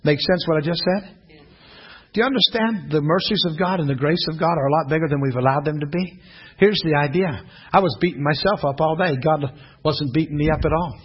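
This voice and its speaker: A middle-aged male preacher from western Pennsylvania, telling a personal testimony in an animated sermon and often asking the audience questions. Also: on the high side, slightly rough, dull audio. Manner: animated storytelling, with repeated rhetorical questions to the audience.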